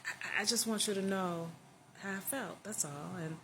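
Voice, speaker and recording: A woman voicing a man, an old college friend, who speaks in a tender, halting way. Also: medium pitch, background noise, close to an everyday voice. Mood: tender, hesitant.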